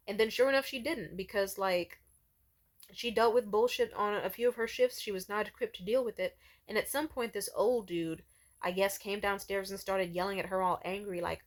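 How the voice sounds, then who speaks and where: Young woman, casual vlogger, animated and fed-up storytelling, swears freely. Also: mid-range voice, brisk. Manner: exasperated, profane, animated storytelling.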